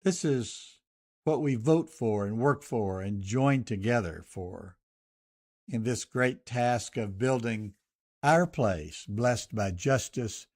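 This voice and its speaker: An older man with a Southern US accent hosting a radio show. He gives a reflective commentary and a prayer in a measured, listing cadence. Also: on the low side, darkish tone. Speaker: radio host.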